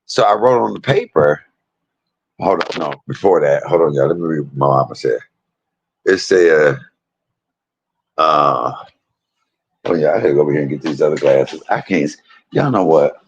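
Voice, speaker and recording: A man, casually telling a personal story to his viewers, animated, laughing often and swearing freely. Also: rumbling low, moderate pace, long pauses, highs cut off, slight background noise.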